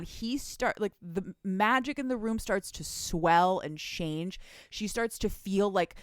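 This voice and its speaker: A woman's voice: medium pitch, takes it slowly, smooth, dry recording, studio quality. A young woman co-hosting a podcast, casually and animatedly retelling a book's plot with laughs and swearing. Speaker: podcast co-host recapping a book. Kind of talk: casual chat.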